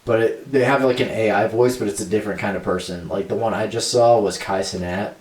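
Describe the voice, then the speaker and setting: A man's voice: fairly low pitch, fairly even intonation, fairly quick, darkish tone, distant mic. A young man co-hosting a podcast in casual chat, rambling with lots of fillers and laughing easily. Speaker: podcast co-host. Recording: roomy sound from off mic.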